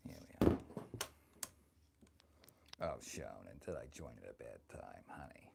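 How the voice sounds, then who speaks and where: A man putting on a gravelly, bawdy old granny. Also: a bass voice, lively intonation, unhurried, heavily acted. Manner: bawdy, teasing, calls viewers honey. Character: crude flirty ancient grandmother, bawdy and vain. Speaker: livestreamer. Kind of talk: in-character stream chat. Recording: noisy background.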